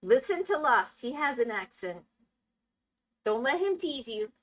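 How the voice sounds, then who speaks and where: A woman's voice: high voice, big pitch swings, unhurried, fairly bright tone. A woman live-streaming a game, chatting casually with her viewers and laughing often. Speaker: Minecraft streamer. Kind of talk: casual live-stream chat while gaming.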